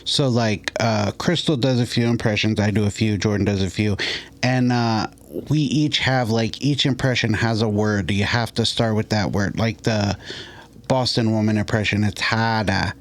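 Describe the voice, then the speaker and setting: A man's voice: on the low side, fairly even intonation, normal speed. A man co-hosting a comedy podcast, asking questions in a hesitant way with fillers. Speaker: podcast co-host. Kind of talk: casual comedy chat.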